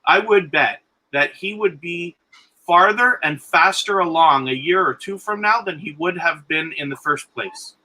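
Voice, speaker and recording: A man's voice: a little high, unhurried, bright, forceful tone, poor audio. A man speaking earnestly as a guest on a live stream, giving encouragement and advice.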